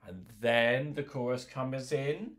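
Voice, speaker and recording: A man leading a choir rehearsal, gently giving instructions, counting in and singing short lines for the singers to repeat. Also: mid-range voice, slow. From England. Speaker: choir leader. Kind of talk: online choir rehearsal, call and response.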